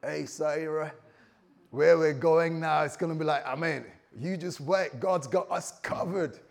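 A preacher acting out an overjoyed Abraham. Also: male voice, a little high, a little slow, gravelly. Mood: assuring. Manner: exclaiming, gushing, breathless with joy. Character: excited biblical patriarch Abraham, an eager old man.

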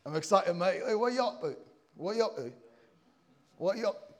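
A man's voice: sits high, animated, normal speed, darkish tone, pitched above the performer's own voice. A man putting on a cheery young West London lad with a brash, matey manner. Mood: excited.

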